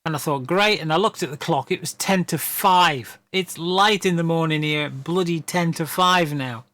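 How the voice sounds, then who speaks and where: Streamer guy rambling, lots of stammers and laughs, bright slightly high voice. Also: normal speed, no echo. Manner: rambling, stammering storyteller who laughs often. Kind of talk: casual chat.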